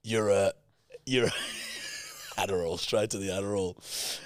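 A man's voice: lowish voice, dry recording, clean studio sound. A man co-hosting a comedy podcast, tossing out prompts in casual banter and laughing often. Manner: animated, laughing, prompts with quick suggestions. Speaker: podcast co-host.

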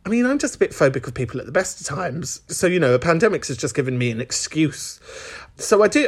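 Man, podcast host, casual chat, swooping lively pitch, laughs a lot. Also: a little fast. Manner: chatty, camp, laughs often.

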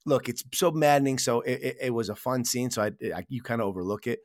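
Mid voice guy on a film podcast, animated, laughs a lot, casual swearing. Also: mid-range voice, fast, dry recording, studio quality.

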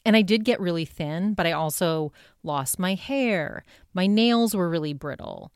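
A woman's voice: on the low side, expressive, measured pace, clear, resonant tone, no room sound, clean studio sound. A woman hosting a podcast, talking casually in a chatty, rambling way and retelling a conversation with many fillers. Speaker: podcast host. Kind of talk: casual solo podcast monologue.

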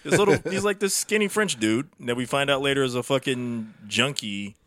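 A man recapping a film in loose, joking talk, his voice bright and forward. He swears freely, and the recording is close and dry with no room sound. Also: medium pitch, expressive, a little fast, no echo. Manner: profane, joking storyteller. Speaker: podcast co-host. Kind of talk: casual movie chat.

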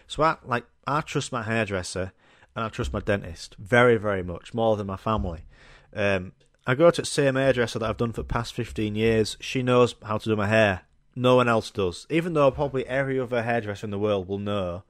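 A man's voice: medium pitch, a little fast, dry recording, clean studio sound. A young man hosting a casual solo podcast, joking bluntly and swearing freely as he rambles. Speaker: podcast host.

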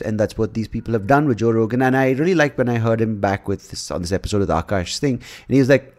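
A man's voice: medium pitch, fast. A man hosting his own podcast in a rambling, casual monologue, swearing freely and restarting his sentences often. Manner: rambling, profane, animated, many restarts. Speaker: podcast host.

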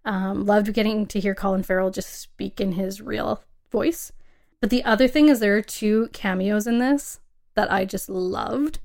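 A woman's voice: medium pitch, measured pace, creaky, a little mellow. A young adult woman co-hosting a casual film podcast, chatty and emphatic, laughing often. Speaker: podcast co-host.

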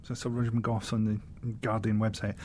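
A man's voice: on the low side, little pitch movement, a little fast, darkish tone, a little hiss or hum. Dry, sardonic man talking casually. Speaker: comedian guest. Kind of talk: casual conversation.

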